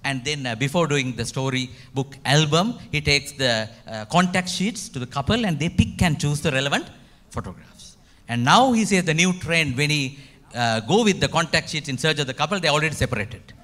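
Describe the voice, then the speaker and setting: A man's voice: a little high, expressive, normal speed, a bit bright. A man with a Sri Lankan accent giving a retreat talk, emphatic and full of rhetorical questions to his audience. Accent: Sri Lankan English. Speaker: retreat speaker.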